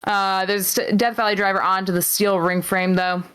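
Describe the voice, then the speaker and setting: A woman co-host casually recapping a wrestling show, walking through each match move by move. She pauses often with little fillers. Her voice sounds smooth and clear. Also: mid-range voice, fairly even intonation, fairly bright tone. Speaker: podcast co-host.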